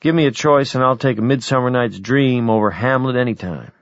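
A man's voice: medium pitch, a little fast, dry recording, close to an everyday voice. Guy reading as a blunt worldly middle-aged dude, wry and brooding, dry dull mic. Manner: brooding, wry, then excited. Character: blunt, worldly middle-aged man, peppers talk with Spanish. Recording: dull, dry audiobook recording.

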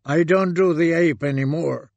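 A man's voice: a little high, normal speed, creaky, a little mellow, dry recording. A man voicing an eager, chatty male mimic in an audiobook, rambling and keen for company. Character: eager talkative man, a former ape and mimic.

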